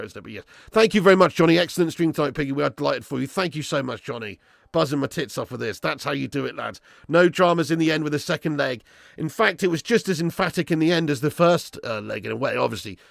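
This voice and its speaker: A man hosting a live football stream, thrilled and talkative, firing off slang as he works through the chat. His slightly high voice carries a gravelly fry and is starting to go hoarse. The sound is close and dry. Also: dry recording. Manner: excitable, chatty, slangy, buzzing with joy. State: voice going hoarse. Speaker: football watch-along streamer.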